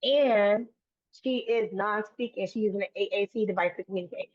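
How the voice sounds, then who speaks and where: Brief: woman guest, earnest and rambling, mid-pitched, dry tinny phone-like sound. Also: normal speed, a little mellow, no echo. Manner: earnest, run-on sentences with frequent restarts. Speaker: guest, autism advocate. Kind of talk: conversational interview.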